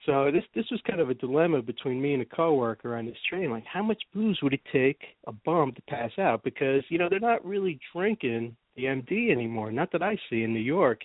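A man's voice: mid-range voice, lively intonation, fairly quick, few pauses, no echo. Podcast host, male, casual storyteller, phone-quality dry sound. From New Jersey. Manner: rambling storyteller, laughs often. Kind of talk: casual chat.

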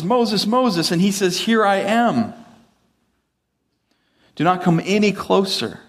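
Male pastor, a touch high-voiced, casual sermon delivery, dry humor, frequent self-corrections. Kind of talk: conversational sermon.

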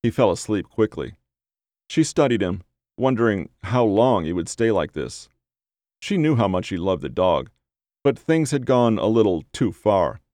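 A man narrating a dark horror story in a measured, even storytelling voice. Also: fairly low pitch, dry recording, studio quality. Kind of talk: horror audiobook reading.

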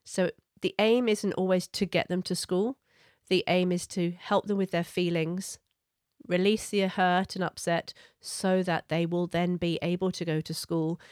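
A middle-aged woman coach giving parenting advice in an earnest, gentle, conversational way. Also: fairly low pitch, fairly even intonation, a little slow, no room sound, clean studio sound.

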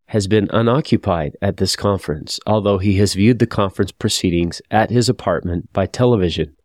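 A man's voice: lowish voice, a little mellow, dry recording, clean studio sound. A man teaching a scripture lesson, reading verses aloud and reflecting in a confessional, thoughtful way.

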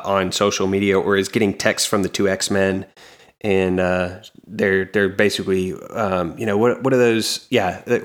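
An American man co-hosting a podcast, relaxed as he recaps a comic's plot with dry jokes and many ums. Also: deep voice. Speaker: podcast co-host. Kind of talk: casual chat about comics.

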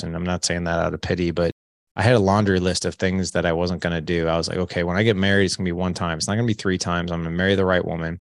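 A man's voice: deep voice, creaky, no echo, clean studio sound. A man in his late forties, a podcast guest telling his life story candidly and acting out the dialogue with animation. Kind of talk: storytelling in an interview.

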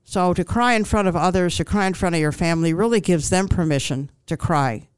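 A woman appears as a guest grief counselor in an interview, offering calm, reassuring advice with frequent ums and restarts. Her voice is lowish, brisk and smooth, with no room sound.

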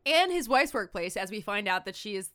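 A woman co-hosting a chatty podcast, retelling a TV episode with animated energy. She talks loosely, stringing "like" and "um" through her sentences as she acts out each scene. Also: medium pitch, a little fast. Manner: animated retelling, acts out quotes, many likes and ums. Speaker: podcast co-host. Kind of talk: casual chat recapping a TV episode.

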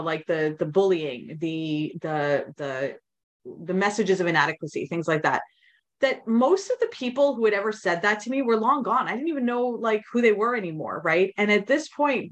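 A woman's voice: mid-range voice, a bit bright. A woman guest on a podcast, telling her personal story in a candid, rambling way, full of restarts and quoted inner thoughts.

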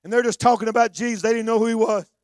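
A man preaching a sermon, shouting fervently at times and dropping to hushed storytelling. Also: very high voice, fairly even intonation, rapid-fire, dry recording.

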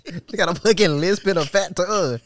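A man's voice: high voice, fairly quick. A man co-hosting a casual podcast, teasing his partner with profane jokes and laughter. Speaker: podcast co-host.

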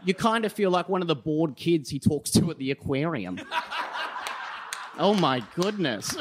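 A man's voice: on the high side, lively intonation, normal speed, background noise. Sarcastic-sounding Australian man doing stand-up. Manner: sarcastic-sounding, self-mocking. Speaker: comedy debater. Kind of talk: live stand-up debate speech. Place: live comedy venue stage.

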